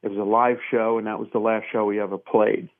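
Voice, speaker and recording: A man in his sixties from Brooklyn, New York, telling relaxed, rambling stories as an interview guest, with plenty of fillers. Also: lowish voice, fast. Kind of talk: casual storytelling interview. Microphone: phone. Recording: tinny phone line.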